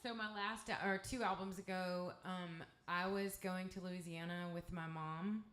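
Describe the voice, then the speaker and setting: A woman's voice: fairly low pitch, steady tone, unhurried, a bit bright. Rambling East Texas woman on a club stage. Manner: candid, profane, rambling storytelling. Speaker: guest singer-songwriter. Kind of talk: storytelling between songs at a live show. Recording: echoey live club room.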